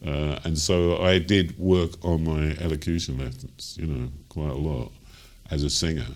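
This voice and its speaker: This is a very deep male voice with fairly even intonation, a moderate pace and a darkish tone. The speaker, an older Cockney jazz singer from London, tells interview stories about his life in a meandering way, peppered with ums, you-knows and chuckles.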